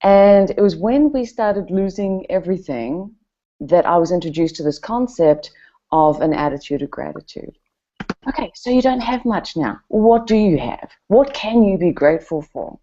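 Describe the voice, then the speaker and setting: A middle-aged woman tells personal stories to an audience, animated and chatty. Her voice sits low and sounds warm and relaxed. The recording is dull and lo-fi. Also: moderate pace, slight background noise. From New Zealand. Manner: animated, expressive, chatty with fillers. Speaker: event speaker. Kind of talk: personal storytelling talk.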